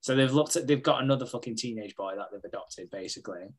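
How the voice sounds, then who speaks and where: A man, co-hosting a casual podcast and retelling soap storylines with swearing and quick impressions of the characters. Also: medium pitch, husky. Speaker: podcast co-host recapping a soap. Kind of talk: casual chat.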